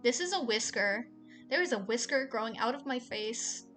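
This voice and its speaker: A young woman streaming a game, reading the story aloud and chatting, sarcastic and quick to swear. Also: on the high side, expressive, a bit bright, soft background music.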